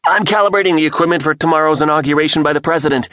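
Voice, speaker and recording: A male narrator voicing an excited scientist who is breathless and stumbles over his words. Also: fairly low pitch, measured pace, dry recording, studio quality, voice pushed up. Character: frantic male scientist, a stiff deputy.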